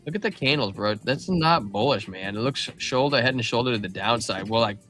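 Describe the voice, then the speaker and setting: A man hosting a casual crypto livestream, running through charts in an excitable, slangy way. His voice sits at an ordinary middle pitch with a bright, forceful tone. Faint music plays underneath. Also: fairly quick. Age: adult father of a young child. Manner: loose, slangy, excitable, calls listeners man and bro. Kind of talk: casual market chart commentary.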